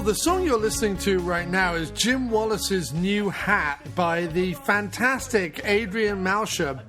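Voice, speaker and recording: A man's voice: sits high, fairly bright tone. A man hosting a podcast, chatting casually with frequent laughs and reading a listener's email aloud. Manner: easygoing, laughs often. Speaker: podcast host.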